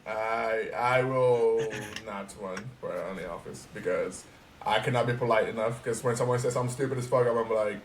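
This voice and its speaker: A young man talking casually on a podcast, ranting in an animated, profane and emphatic way. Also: fairly low pitch, fairly quick. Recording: roomy, distant mic, faint noise.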